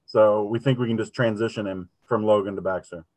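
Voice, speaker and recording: A man's voice: lowish voice, steady tone, fairly quick, darkish tone. Friendly man from Ohio telling stories. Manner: friendly storyteller, laughs easily. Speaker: team captain. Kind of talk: casual chat over video call.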